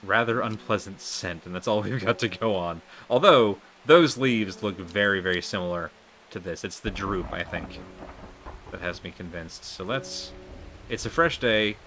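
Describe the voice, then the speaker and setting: A man's voice: deep voice, moderate pace, a bit bright, slight background noise. A man streaming a game live, thinking aloud and asking his viewers what to do next. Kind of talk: live gameplay commentary.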